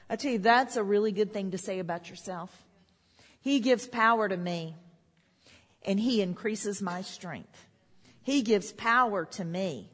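A woman's voice: medium pitch, measured pace, fairly bright tone. A woman preaching a sermon, repeating declarations with rising emphasis. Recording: long hall reverb.

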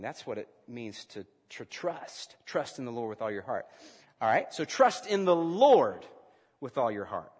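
A man's voice: mid-range voice, long reverb tail. A man preaching a sermon as pastor, telling a story and asking his congregation questions.

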